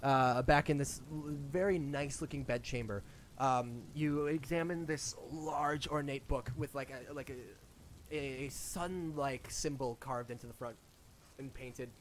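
A man's voice: mid-range voice, steady tone, unhurried, a little hiss or hum. A man running a tabletop game as game master, narrating casually with restarts and spoken sound effects.

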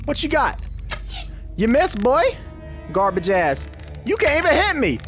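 Man, gaming commentary, profane trash talk, wildly swinging pitch, faint background music. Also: sing-song, unhurried, fairly bright tone. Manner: brash profane trash talk at game characters. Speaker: gaming YouTuber. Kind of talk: let's-play commentary.

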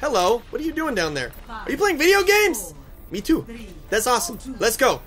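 A man with a very high, very animated voice speaks at a moderate pace as he plays a team shooter. A gaming YouTuber, he gives frantic, swearing live commentary and shouts at his teammates.

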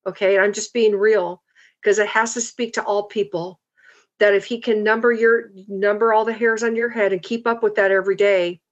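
A woman's voice: medium pitch, steady tone. Earnest woman preaching, slightly dull audio. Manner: earnest, reflective, reads scripture slowly and deliberately. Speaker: guest speaker. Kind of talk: preaching and scripture reading.

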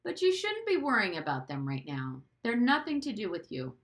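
A woman reading the lines of a stern, quietly commanding middle-aged father in an audiobook. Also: mid-range voice, wildly swooping pitch, voice pushed up. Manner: measured, quiet, authoritative.

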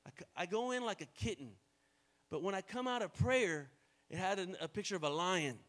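A high-voiced American man preaches a sermon to his church. He drops into soft, low stretches and then climbs to loud, rising exhortations, prompting the congregation to repeat after him and tossing off light jokes between points. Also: animated, a little fast. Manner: joking asides to the congregation. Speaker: pastor.

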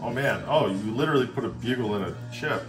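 A man's voice: medium pitch, expressive, fast talker, over music. Chatty, joking male vlogger. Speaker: vlogger testing drinks on a breathalyzer. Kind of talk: casual on-camera vlog.

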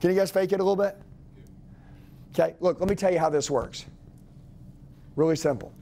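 A man with a somewhat raised voice coaches a room of salespeople. He talks in a forceful, commanding way and hammers home each phrase by repeating it. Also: sits high, brisk. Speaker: sales trainer. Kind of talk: energetic live sales training.

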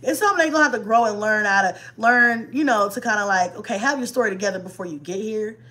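A woman chatting casually with live viewers about raising kids, animated and slangy, cursing and laughing often. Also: medium pitch, fast.

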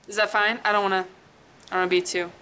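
A woman's voice: medium pitch, level tone, quick pace, pushed and bright, clean tone. A young adult woman hosting a comedy show, chatting playfully between acts. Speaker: host.

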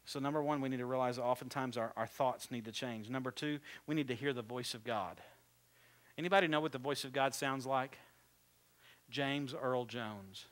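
A man preaching a sermon as pastor, animated and swinging from loud bursts to quiet asides, often asking the congregation questions. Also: mid-range voice, normal speed. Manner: conversational, asks the congregation questions. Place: church.

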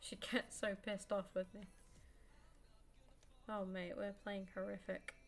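A woman's voice: mid-range voice, flat delivery, a little slow, faint music behind. A woman in her twenties giving casual live commentary on her own gameplay, laughing often, swearing and mocking herself. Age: 20s. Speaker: gaming streamer.

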